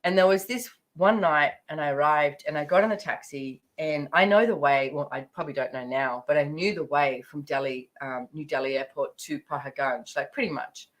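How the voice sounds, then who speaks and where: This is a middle-aged woman with a notably low, deep speaking voice. She tells a personal story in a loose, chatty way, rambling and filling her talk with small asides. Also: normal speed, hardly any pauses, low-quality recording. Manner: chatty, rambling, full of fillers. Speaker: speaker sharing her money journey.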